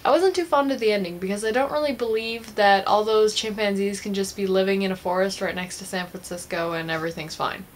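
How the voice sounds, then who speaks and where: A woman's voice: mid-range voice, fairly bright tone, a little hiss or hum. A young woman vlogging a casual, chatty movie review, gushing like a fan and giggling often.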